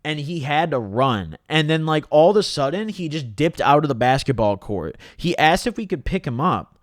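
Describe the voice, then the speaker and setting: Animated young man, slangy storyteller. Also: fairly high pitch, moderate pace, dry recording, clean studio sound. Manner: slangy, animated, lots of "dude" and "bro". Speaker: vlogger telling a story. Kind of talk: casual storytelling to camera.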